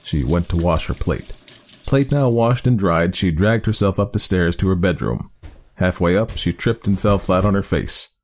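A man narrating a spooky storybook tale with a measured, expressive reading. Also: low voice.

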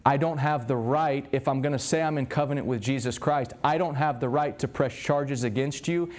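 Animated man preaching in story mode. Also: mid-range voice, moderate pace. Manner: animated storytelling, acts out dialogue. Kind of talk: sermon-style teaching.

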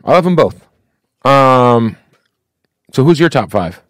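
A man's voice: mid-range voice, expressive, takes it slowly, no echo, clean studio sound. A man hosting a casual hip-hop podcast, trading blunt, profane opinions in loose, rambling talk. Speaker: podcast host. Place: live podcast studio.

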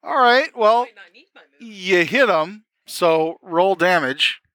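A man's voice: high-pitched, lively intonation, takes it slowly, bright, forceful tone. A man as game master narrating a tabletop game in a rambling style full of fillers.

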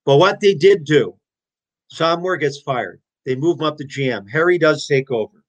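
A man in his sixties telling his stories as an interview guest, animated, blunt and profane. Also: on the high side, moderate pace. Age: 60s. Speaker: interview guest, former hockey player. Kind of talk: casual storytelling.

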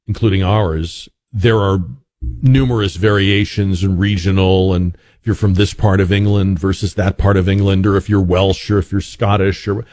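Low-voiced man hosting radio talk. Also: dry recording. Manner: conversational, musing, frequent restarts and fillers. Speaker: radio talk show host.

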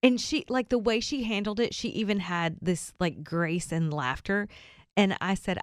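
A woman co-hosting a morning radio show, telling a funny story in casual chat, animated and often laughing as she acts out what people said. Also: medium pitch, normal speed, no room sound, studio quality.

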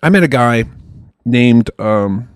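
A man co-hosting a podcast who tells rambling, profane, animated stories in casual chat. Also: mid-range voice, slow, clear, resonant tone, no echo, clean studio sound. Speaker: podcast co-host.

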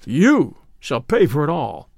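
A cruel old tribunal president hands down his sentences in a cold, commanding voice, as a man reading the story acts him out. His delivery moves around a lot in pitch, and the recording is close and dry. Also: huge pitch swings, slow pace, gravelly, darkish tone, no echo, exaggerated voice. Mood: stern menacing. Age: older. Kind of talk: audiobook character reading.

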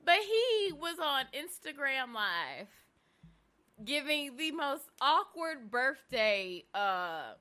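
A woman co-hosting a podcast, chatting casually in slangy, animated fashion and laughing often. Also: high-pitched, slow. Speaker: podcast co-host. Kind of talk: casual gossip chat.

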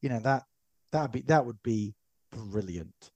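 Sarcastic bloke rambling on a podcast, mid-pitched voice, dry close mic. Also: male voice, lively intonation, unhurried, a little mellow, no echo. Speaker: podcast co-host. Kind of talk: casual chat.

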